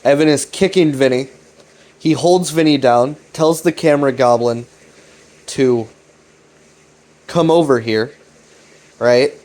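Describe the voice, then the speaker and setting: Man, casual commentator, rambling recap delivery, swears and repeats himself, excitable, mid-range voice. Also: medium pitch, slow, long pauses. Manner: excitable, profane, repeats himself and keeps asking "right?". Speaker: YouTube commentator.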